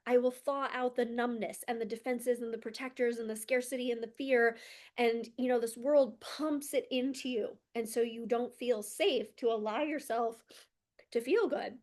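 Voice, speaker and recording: A woman talking as a spiritual mentor in a heartfelt motivational monologue, earnest and emotional, often saying "like", recorded at home. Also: fairly high pitch. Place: home room with candles and rugs.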